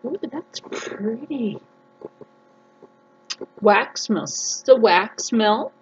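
A woman vlogging a casual unboxing, gushing and excitable, jumping into high squeals of delight. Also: extremely slow. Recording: dull lo-fi sound with clear background noise.

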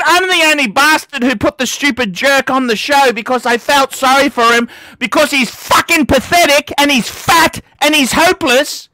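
A man hosting a livestream, ranting angrily with profanity and lots of repetition, shouting in bursts. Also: very high voice, normal speed, no echo, studio quality. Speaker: livestream host. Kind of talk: angry livestream rant.

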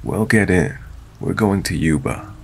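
A man voicing a menacing middle-aged ex-convict driver with a husky, slow, gruff drawl. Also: deep voice, lively intonation, slight background noise, exaggerated voice.

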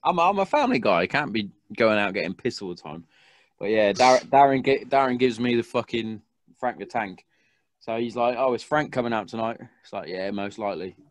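Male host, mid pitch, very animated intonation, laddish and sweary, dry room. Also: brisk, no room sound. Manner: laddish, sweary, laughs easily. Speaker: podcast host. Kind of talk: casual podcast chat.

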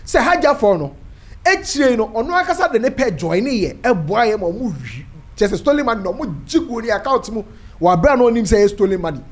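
Animated Ghanaian news presenter. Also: mid-range voice, fairly quick. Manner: animated, switching between Twi and English. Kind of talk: casual news retelling in Twi with English terms.

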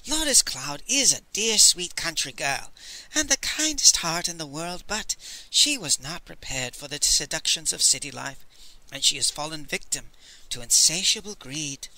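A man voicing a chatty old woman who confides town gossip in an audiobook, bright and lively in tone. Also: sits low, normal speed, no room sound, heavily acted, poor audio. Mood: gossipy. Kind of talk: audiobook character voice.

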